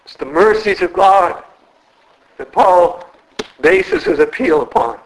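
Earnest preacher man, high voice. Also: sing-song, rough recording. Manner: earnest, slows and drops for emphasis. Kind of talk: sermon. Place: church.

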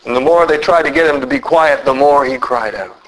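A man with a fairly high voice preaches a sermon. He speaks earnestly and leans hard into key words. He slows down as his voice rises on the points he stresses. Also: rough recording. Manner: earnest preaching, rising to emphatic peaks; lively pitch, slows down for emphasis.

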